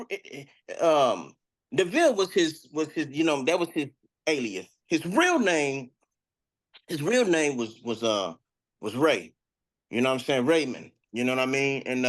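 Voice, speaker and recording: A man improvising a story in a rambling way, often asking if the listener follows. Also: on the high side. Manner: rambling, keeps adding "you know what I'm saying".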